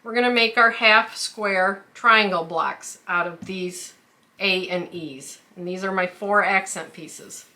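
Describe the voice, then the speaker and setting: A woman's voice: mid-range voice, slow pace, bright, forceful tone. A woman hosting a quilting tutorial who explains each step carefully, with the odd filler. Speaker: quilting channel host. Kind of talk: craft tutorial.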